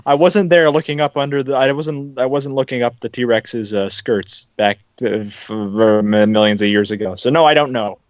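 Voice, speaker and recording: Co-host, man, wry, halting delivery, muffled dry sound. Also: mid-range voice, no room sound. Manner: wry, hesitant. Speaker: podcast co-host. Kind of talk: casual podcast chat. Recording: dull dry mic.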